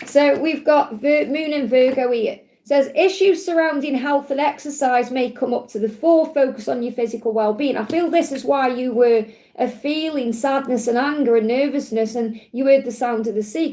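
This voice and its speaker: A woman's voice: high voice, dark tone. A woman hosting a live card-reading stream, talking in a reassuring, affectionate way and checking in with "okay?" and "honey". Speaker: tarot reader hosting a livestream.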